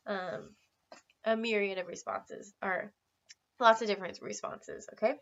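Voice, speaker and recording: Woman teaching slow English phrases. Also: fairly even intonation, a bit bright. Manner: slow, careful modeling of phrases for repetition. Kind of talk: classroom language lesson. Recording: slightly muffled low-fidelity recording.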